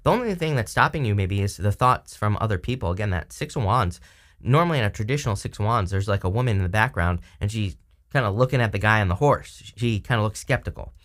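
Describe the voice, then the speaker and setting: A man giving a casual, chatty tarot reading, animated and full of fillers, laughing now and then. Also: fairly low pitch, fast. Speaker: tarot reader.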